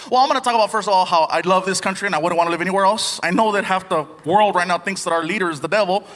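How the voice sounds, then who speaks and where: A man performing a stand-up comedy set on a theater stage, animated and playful, slipping into voices. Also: high-pitched, rapid-fire, few pauses, long reverb tail. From United States. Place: large theater with live audience. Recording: live stage recording with loud crowd.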